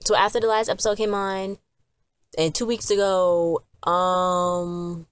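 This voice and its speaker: A woman's voice: lowish voice, flat delivery, a little slow, clear, resonant tone. A woman chatting casually to camera as she recaps a TV episode, rambling along with lots of fillers and "she was like" retellings. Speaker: TV episode reviewer.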